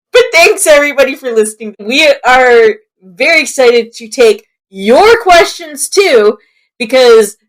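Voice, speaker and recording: A woman's voice: sits high, fairly bright tone, low-quality recording. Joking woman podcast host signing off. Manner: joking, wraps up the show with playful sign-off. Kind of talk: casual chat.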